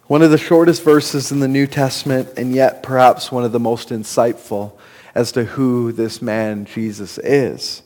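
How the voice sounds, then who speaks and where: A man's voice: medium pitch, steady tone, normal speed, darkish tone. A man preaching a sermon as a pastor, earnest and building to impassioned emphasis. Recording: long reverb of a hall.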